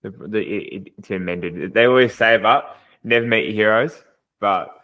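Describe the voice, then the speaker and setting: A man's voice: lowish voice, moderate pace, muffled recording. A man in casual podcast chat, enthusiastic and blokey, swearing freely.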